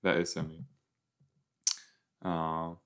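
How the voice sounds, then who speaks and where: A man casually commenting while he watches a show, chatty and quick to exclaim or laugh. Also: deep voice, little pitch movement, a bit bright, clean tone. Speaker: reaction video host.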